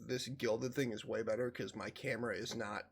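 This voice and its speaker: Guy hosting a gaming podcast, swears a lot, animated storyteller, middle pitch. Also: normal speed, slightly rough. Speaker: podcast host. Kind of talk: casual chat.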